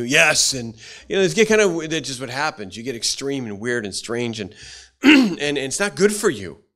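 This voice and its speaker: A middle-aged man delivers a sermon in a plain, folksy way. His speech halts and restarts often, and he clears his throat from time to time. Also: medium pitch, very animated, fairly bright tone. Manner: folksy, halting delivery with many restarts and fillers. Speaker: pastor.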